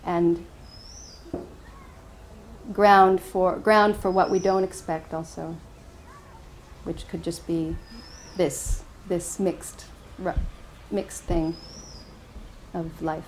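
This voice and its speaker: A woman meditation teacher giving a dharma talk and telling a story in a gentle, hesitant way, with easy laughter. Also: fairly low pitch, little pitch movement, very slow, long pauses, a little hiss or hum, low-quality recording.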